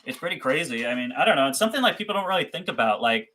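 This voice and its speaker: A man's voice: mid-range voice, sing-song, racing, sharp tone. A young man chatting casually on a livestream about his reptiles, rambling, swearing freely and laughing at himself. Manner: rambling, profane, self-deprecating. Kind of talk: casual live-stream chat.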